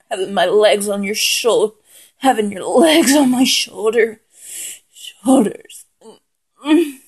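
A woman performing an intimate adult audio role-play in a dominant voice, murmuring, moaning and half-whispering close to the mic. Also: mid-range voice. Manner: dominant, breathy murmuring with frequent moans and half-whispered lines.

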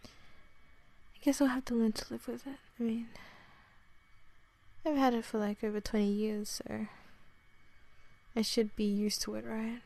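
A woman in her twenties with an Australian accent, in a whispered role-play, talking softly to the listener, rambling and apologizing. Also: a little high, flat delivery, a little slow, vocal fry, long pauses. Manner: soft-spoken, rambling, apologetic.

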